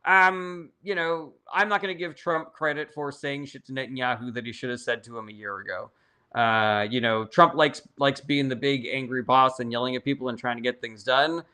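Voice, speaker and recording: A young man with a bright, forward voice is hosting a casual livestream. He reads viewers' questions aloud and answers them bluntly and with strong opinions, dropping profanity freely and never softening his views. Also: mid-range voice, steady tone, normal speed, clean tone.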